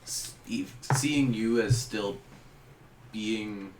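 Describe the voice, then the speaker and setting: Man, game master, deep voice, unhurried narration, echoey room, guitar music behind. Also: a little hiss or hum. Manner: unhurried descriptive narration with fillers. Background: ambient guitar music.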